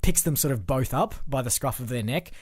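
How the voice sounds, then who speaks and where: A man's voice: medium pitch, animated, brisk, breathy edge, dry recording, clean studio sound. A man co-hosting a podcast, rambling through film ideas in casual chat with lots of fillers. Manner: rambling, filler-heavy brainstorming. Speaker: podcast co-host.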